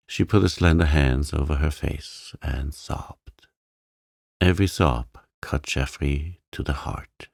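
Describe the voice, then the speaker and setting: A man gently narrating a bedtime story in a calm, soothing, softly spoken manner. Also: a bass voice, takes it slowly, vocal fry, no room sound, clean studio sound.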